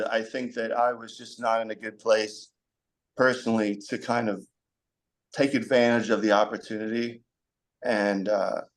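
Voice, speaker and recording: A young man as a podcast guest, talking frankly in a rambling conversational way, with many fillers. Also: lowish voice. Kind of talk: candid conversational storytelling.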